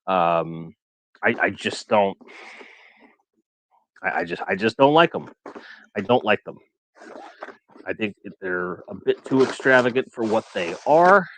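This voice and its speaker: A man's voice: lowish voice, sing-song, measured pace, pauses often, a bit bright, dry recording. A man hosting a toy collecting livestream, chatting casually and reading viewer comments aloud in a rambling way.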